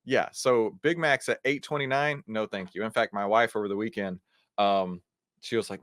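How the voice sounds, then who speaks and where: A man, hosting an energetic news commentary show, talking in an animated, incredulous, conversational way. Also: lowish voice, moderate pace, no echo, studio quality. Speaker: host.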